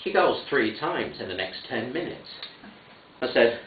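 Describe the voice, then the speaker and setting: A man's voice: medium pitch, very animated, measured pace, slight background noise. A man performing a comic stage monologue, fretful and anxious, recorded from far off in an echoey theatre with a tinny sound. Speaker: actor in a one-man stage show.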